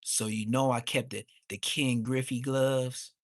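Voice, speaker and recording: A man, ranting on a livestream. He is heated and mocking, and his voice suddenly jumps high. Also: level tone, unhurried, no room sound, studio quality. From Inglewood, Los Angeles. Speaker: livestream host. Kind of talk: profane livestream rant.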